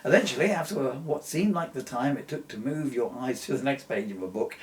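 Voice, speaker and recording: A man's voice: medium pitch, lively intonation, brisk. A man reading aloud from his own comic book, chuckling at his jokes and asides.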